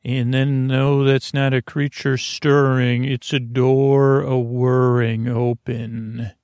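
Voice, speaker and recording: A man hosting a podcast, telling a meandering sleep story in a creaky voice. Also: medium pitch, flat delivery, slow, a little mellow, no room sound. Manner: meandering, hesitant. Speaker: podcast host. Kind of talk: slow sleep-story narration.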